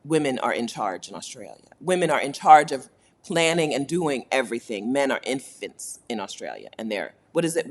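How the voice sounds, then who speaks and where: A woman hosting a casual livestream chat, talking candidly and laughing often. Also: very deep voice. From United States. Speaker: host.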